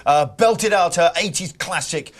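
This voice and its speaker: A male breakfast TV presenter riffs through the newspaper gossip, teasing and chatty, often laughing mid-sentence. His voice sits high, and a crowd laughs loudly in the background. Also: expressive, a little slow. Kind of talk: jokey review of the newspapers.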